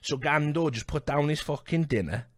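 A man's voice: a little high, normal speed, dry recording, studio quality. A young Welsh man casually telling a story on a podcast, swearing freely, laughing and acting out the voices of the people in it. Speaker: podcast host.

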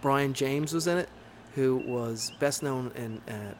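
A man's voice: medium pitch, unhurried, a little hiss or hum. A man co-hosting a casual movie chat, enthusiastic and rambling, with many ums and uhs. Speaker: podcast co-host.

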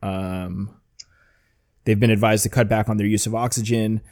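A man with a lowish voice chats casually as a podcast host. He rambles, restarts his sentences and swears constantly. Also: fairly even intonation, moderate pace, darkish tone. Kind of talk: casual profane chat.

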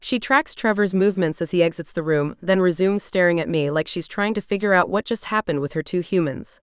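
Smooth-voiced female audiobook narrator. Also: on the low side, fairly quick, no echo, studio quality. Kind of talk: scripted first-person narration.

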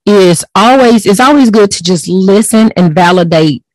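A woman's voice: medium pitch, expressive, normal speed, no room sound, low-quality recording. A woman talks in a casual podcast. She sounds earnest and emphatic and leans on repeated words to drive her points home. Her voice is recorded dry and close to the mic. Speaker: host.

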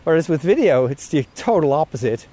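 A man's voice: a little high, big pitch swings, fairly quick, dark tone. A man talking casually on a walking vlog, rambling and chatty with frequent laughs, a little out of breath from walking outdoors. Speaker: vlogger. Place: outdoors on a walk.

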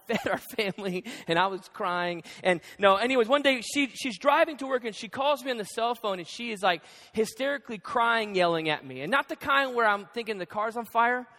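A young male pastor preaches with a very high, bright voice, joking as he tells stories. His sermon rings through a large hall with long reverb. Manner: joking, animated storytelling. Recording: echoey church hall.

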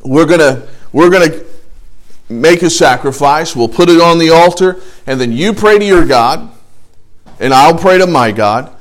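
A man's voice: a little high, lively intonation, unhurried. A man teaching a casual Bible study, reading scripture aloud and adding jokey, conversational asides.

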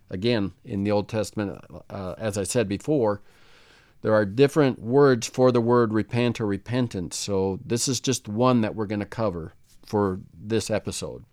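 A man teaching the Bible in a relaxed, conversational way, often checking in with "right?". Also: fairly low pitch, no room sound, studio quality.

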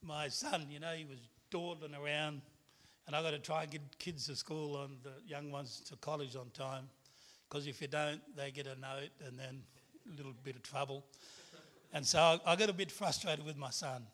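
Middle-aged man, guest preacher, frank testimony style, bright voice. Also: on the high side, fairly even intonation, moderate pace. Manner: candid storytelling with self-deprecating laughs. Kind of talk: personal testimony sermon.

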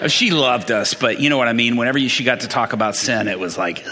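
A man's voice: medium pitch, quick pace, pushed and bright, big-room sound, slight background noise. A man preaching a conversational sermon, quizzing the congregation as he works through Bible passages.

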